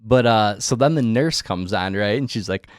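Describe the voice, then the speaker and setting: A man's voice: lowish voice, normal speed, smooth, dry recording, studio quality. A young man telling a story on a podcast in casual chat, acting out the people in it. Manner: animated storyteller, acts out quoted voices. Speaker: podcast co-host.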